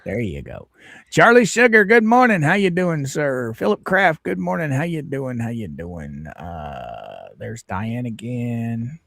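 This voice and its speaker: A man's voice: mid-range voice, huge pitch swings, takes it slowly, creaky, hardly any pauses, a bit bright, no echo, clean studio sound. A man hosting a livestream, chatting casually and greeting viewers one by one by name in a folksy way. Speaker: livestream host.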